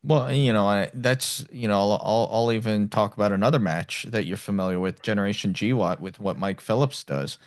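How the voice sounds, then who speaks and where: Low-voiced man hosting in a dry room. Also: fairly quick, few pauses, no room sound. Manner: easygoing, agreeable, repeats words. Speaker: podcast host. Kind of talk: casual podcast chat.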